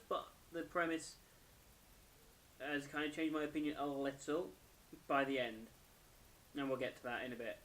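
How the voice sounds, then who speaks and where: A young man talks through an anime episode in a loose, rambling way, often correcting himself mid-sentence. He sounds tired and keeps yawning. His voice sits at a plain middle pitch. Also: steady tone, measured pace, fairly bright tone, slight background noise. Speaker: anime reviewer. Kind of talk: casual episode review.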